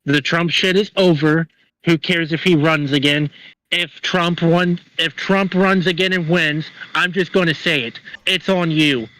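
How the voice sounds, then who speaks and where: A man's voice: fairly high pitch, pushed and bright, low-quality recording. A man co-hosting a livestream, delivering an angry, profane political rant. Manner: angry, profane, rapid ranting. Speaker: co-host.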